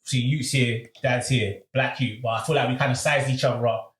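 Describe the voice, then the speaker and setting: A man, casually telling a story on a podcast. He is animated and uses a lot of slang, and he acts out the people in his story. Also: mid-range voice, moderate pace, roomy sound. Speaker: podcast host.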